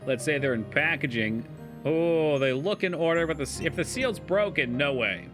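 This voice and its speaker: A man's voice: on the high side, expressive, moderate pace. A man chatting casually and joking with his viewers while playing a game, swearing freely. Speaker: streamer. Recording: live stream with loud game music behind. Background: game music.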